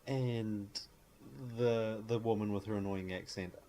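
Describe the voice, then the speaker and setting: A man's voice: fairly low pitch, fairly even intonation, measured pace, dark tone. A man, co-hosting a podcast in a casual, joking chat and ranting about reality shows. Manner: jokey, ranting, acts out quotes in mock voices. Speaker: podcast co-host.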